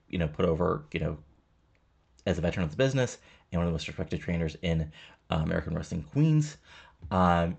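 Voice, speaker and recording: A man's voice: deep voice, vocal fry, slightly rough, highs cut off. A man casually narrating a wrestling simulation playthrough, rambling with many fillers and reading out the wrestlers' lines in his own voice. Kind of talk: casual let's-play narration.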